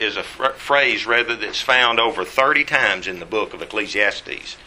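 A man's voice: medium pitch, bright, forceful tone, rough recording. A man teaching a Bible class in a folksy, rambling way.

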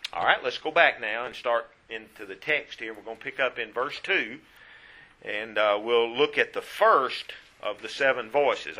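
Male Bible teacher, bright clear tone, instructive and self-correcting. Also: mid-range voice. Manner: instructive, stops to correct himself.

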